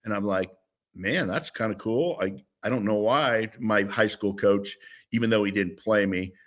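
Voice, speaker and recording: His voice on the low side and his speed normal, a man in his sixties who used to play football recounts stories as an interview guest in a casual setting. He comes across as animated, rambling and often starting over.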